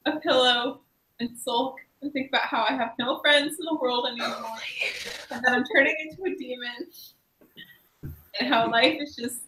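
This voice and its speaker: A woman's voice: high-pitched, steady tone, moderate pace, sharp tone. A woman playing her character in a tabletop game, sulky and dramatic. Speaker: player. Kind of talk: tabletop role-play. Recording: echoey room.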